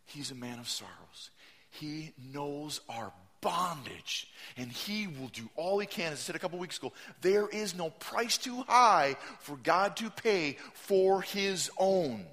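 A man preaching a sermon as pastor, telling stories animatedly, acting out quotes and raising his voice to a shout for emphasis. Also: on the high side, sing-song, measured pace.

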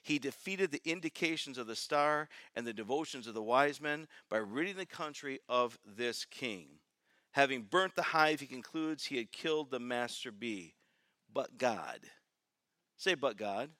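A man preaching a sermon to a congregation, building from quiet reflection to fervent, repeated appeals. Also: mid-range voice, no echo. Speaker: pastor. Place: church.

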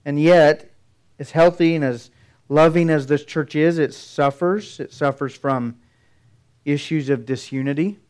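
A man's voice: on the high side, steady tone, a little slow, a little mellow, clean tone. A middle-aged male pastor preaching a sermon, earnest and building emphasis through his points.

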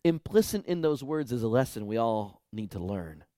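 A man preaching a sermon as pastor, swinging from hushed asides to loud, pleading outbursts. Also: medium pitch, big pitch swings, moderate pace, no room sound, clean studio sound.

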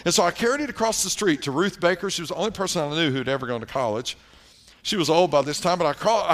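With a voice on the high side, this middle-aged South Carolina pastor shares stories in his sermon. Wry asides pepper his telling, and he goes quiet when he wants to stress a point.

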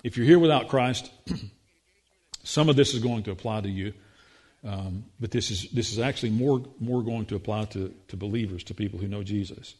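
Raspy guy pastor giving a sermon, earnest, lots of restarts. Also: fairly low pitch, normal speed, a little mellow. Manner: earnest preaching with frequent restarts and rhetorical questions.

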